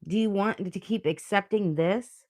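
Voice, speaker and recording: On a livestream, a woman with a medium-pitched, somewhat dark voice reads tarot at a moderate pace. She is blunt and earnest, swearing as she pushes the listener forward, and her motivational delivery carries real emotion.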